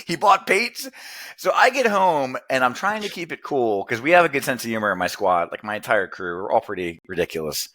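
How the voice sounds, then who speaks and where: A man's voice: medium pitch, big pitch swings, fairly quick, bright, forceful tone. Playful joking middle-aged man. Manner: joking, playful, laughs often. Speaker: podcast guest. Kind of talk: casual podcast chat.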